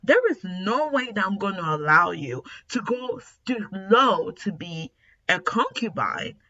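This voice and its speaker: A woman voicing a protective, doting royal father in a lively, bright voice, as she retells a story. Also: mid-range voice, measured pace, lo-fi sound, full character voice. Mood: firm. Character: protective royal father, middle-aged man.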